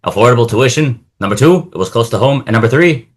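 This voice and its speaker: A young man chatting as a podcast guest in a lively, animated way. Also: medium pitch, fast, slightly rough. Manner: animated, acts out quoted voices. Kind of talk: casual chat.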